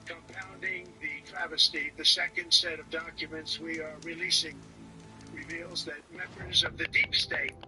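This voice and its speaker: A man delivering a prepared statement at a press briefing in a measured, emphatic manner. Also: on the high side, little pitch movement, bright, forceful tone. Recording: distant mic with music over it.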